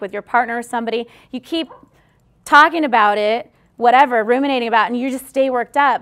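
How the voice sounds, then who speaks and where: Woman presenter, slightly high voice, direct and conversational, keeps asking "okay?". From Australia. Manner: direct, chatty, often checks in with "okay?". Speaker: speaker at a workshop. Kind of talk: live talk to an audience.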